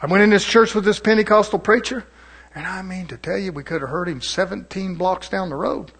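Man, pastor, high-pitched voice, folksy sermon, chatty delivery. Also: brisk, gravelly, fairly bright tone, husky. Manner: folksy, conversational preaching with mimicry.

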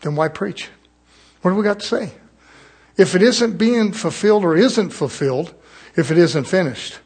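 A man preaching a sermon as pastor, swinging from loud fervent build-ups to quiet asides. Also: sits high, expressive, normal speed, slightly rough.

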